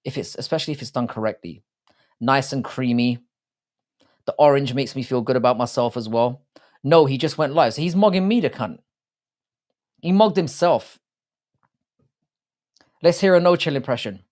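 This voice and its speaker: A man's voice: medium pitch, normal speed, long pauses, a little mellow. A British man hosting a live stream, chatting casually and swearing often while greeting viewers by name.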